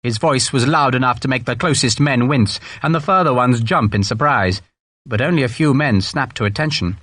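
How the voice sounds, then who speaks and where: A man narrating a historical war novel in a measured, expressive reading. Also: medium pitch, no room sound, clean studio sound. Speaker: audiobook narrator. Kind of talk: scripted narration.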